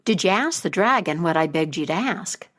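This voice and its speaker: A woman's voice: on the low side, animated, normal speed, a bit bright. A woman voicing a male ferryman who calls out eagerly.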